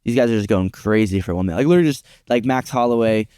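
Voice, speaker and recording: A man's voice: fairly low pitch, dark tone, clear, resonant tone, dry recording, clean studio sound. A man hosting a casual podcast chat, asking questions and riffing on fight news. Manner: quick, chatty, asks questions.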